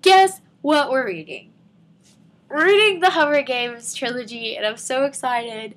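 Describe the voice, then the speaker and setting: A seventeen-year-old girl rambling and giggling in an excited fan vlog from her living room. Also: sits high, measured pace. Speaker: vlogger.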